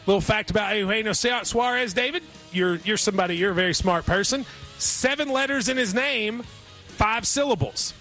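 Male radio host, high voice, crisp bright tone, joking casual betting chat. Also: soft background music. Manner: joking, offhand, quick asides.

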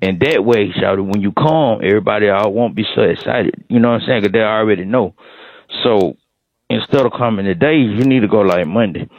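A man's voice: on the low side, brisk, no echo, highs cut off. A man calling in to a radio morning show as a regular, rambling, repeating himself and stalling in heavy slang. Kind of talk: comedic phone call-in bit.

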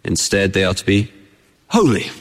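A man's voice: low voice, big pitch swings, normal speed, big-room sound. A man preaching a sermon to his congregation. He keeps the tone conversational and often puts rhetorical questions to his listeners. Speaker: pastor. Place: church.

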